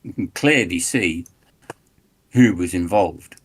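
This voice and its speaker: Man, low voice, hesitant, tabletop game player. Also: takes it slowly, slightly rough. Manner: hesitant, plain-spoken.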